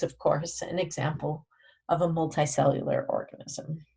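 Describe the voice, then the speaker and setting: A woman's voice: lowish voice, darkish tone, husky. A woman teaching a recorded biology lesson, explaining step by step, correcting herself as she goes and quizzing with questions she answers herself.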